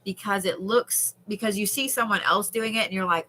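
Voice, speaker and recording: Bright-voiced woman reading cards. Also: medium pitch. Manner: chatty and candid, swears casually, drawls slowly at times. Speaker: tarot card reader on a livestream. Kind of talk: live card reading, casual chat with viewers.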